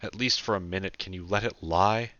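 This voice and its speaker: A man's voice: sits low, steady tone, no echo, dull audio. Man doing a weary, jolly old alchemist. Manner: weary, soft, halting.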